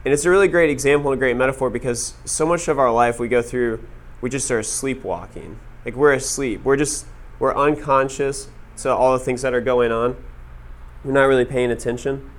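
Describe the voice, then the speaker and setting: Animated man telling a story to an audience. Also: mid-range voice, brisk. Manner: casual, animated, filler-heavy storytelling with "like". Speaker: speaker addressing an audience. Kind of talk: storytelling talk to a live audience.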